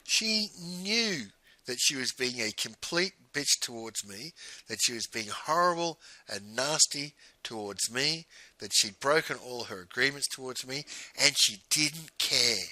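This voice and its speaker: A middle-aged man talks bluntly in a very sharp, forceful voice that swings widely in pitch. He coaches through a recorded monologue and keeps checking in with a quick "right?". The sound is dry and close. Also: lively intonation, no room sound, poor audio. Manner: blunt, ends points with "right?". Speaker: business coach.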